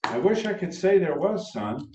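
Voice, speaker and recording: A man's voice: on the high side, very animated, normal speed, darkish tone, slight background noise, pitched above the performer's own voice. A man voicing a folksy, easygoing small-town sheriff. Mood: regretful. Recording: roomy, dull sound from far off.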